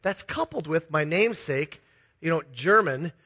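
Delivering a sermon full of personal stories, this middle-aged pastor from Minnesota pokes fun at himself in a confessional, chuckling way. He speaks at normal speed in a fairly high, expressive voice that sounds sharp and slightly rough.

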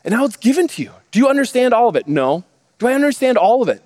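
A pastor in his thirties delivers a sermon in a fairly high voice. He keeps posing rhetorical questions and answering them himself, with plenty of energy. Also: big pitch swings, fast talker, a little mellow.

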